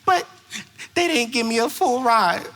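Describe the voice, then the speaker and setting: A man's voice: very high voice, animated, bright, forceful tone, voice pushed up, full character voice. A man voicing a nervous teenage girl who stammers and halts between words. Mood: hesitant. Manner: stammering, halting.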